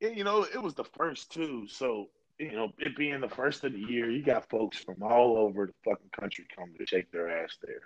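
A man's voice: mid-range voice, moderate pace, few pauses, muffled recording. A young man co-hosting a podcast, telling rambling, profanity-laced stories in casual chat. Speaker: podcast co-host.

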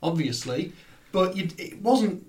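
A man with a somewhat high voice in a relaxed film discussion. He rambles and hedges, often slipping in "sort of". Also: takes it slowly.

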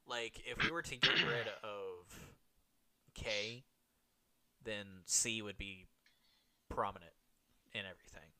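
Bright-voiced man swearing casually. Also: lowish voice, takes it slowly, long pauses. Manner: profane, laughs often. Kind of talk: casual chat.

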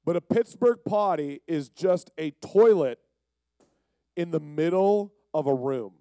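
A man's voice: fairly high pitch, expressive, unhurried, dark tone, dry recording. A man from Pennsylvania giving a casual, jokey, rambling storytelling sermon. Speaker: youth speaker.

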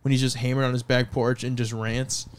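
A man's voice: medium pitch, little pitch movement, brisk, clean tone. A man casually telling a long rambling story on a podcast, laughing through it. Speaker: podcast co-host.

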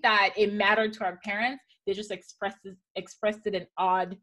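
A young woman from Gabon talks on a panel in a candid, storytelling way. Her voice sits in an ordinary middle register, and she keeps it relaxed and conversational. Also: mid-range voice, moderate pace, few pauses. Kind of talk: casual panel discussion.

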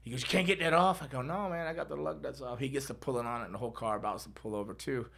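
A man's voice: mid-range voice, rapid-fire, creaky, slightly rough. A middle-aged man hosting a podcast, telling a rambling story with laughs and acted-out voices. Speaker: podcast host. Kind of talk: casual storytelling.

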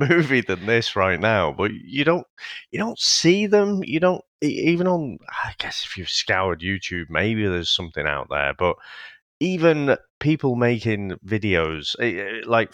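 A man in his thirties in relaxed podcast chat, with a mid-range voice that swings up and down a lot. He rambles, restarts his sentences and chuckles as he goes, recorded close and dry. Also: lowish voice, dry recording. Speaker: podcast co-host. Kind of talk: casual film podcast chat.

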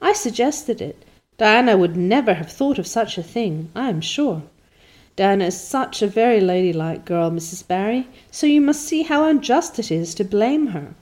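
A woman's voice: mid-range voice, lively intonation, moderate pace, darkish tone, natural voice. A woman voicing an eager, dramatic orphan girl in an audiobook, breathless and imploring. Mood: earnest. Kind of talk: audiobook character voice.

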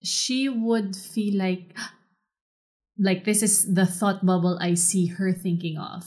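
Slow, soft-spoken woman. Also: medium pitch, steady tone. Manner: soft, reflective, unhurried. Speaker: podcast host. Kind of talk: solo storytelling podcast.

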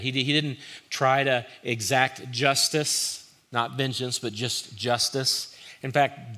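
A man preaching a sermon, earnest and direct, who rises to forceful emphasis and drops to a hushed, pleading tone. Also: medium pitch. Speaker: pastor.

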